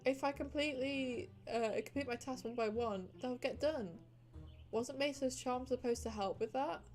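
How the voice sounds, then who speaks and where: A woman's voice: sits high, moderate pace, darkish tone, lightly acted. Woman voicing a stubborn overworked wife. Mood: pleading. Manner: pleading, bargaining. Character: overworked stubborn young witch-town wife.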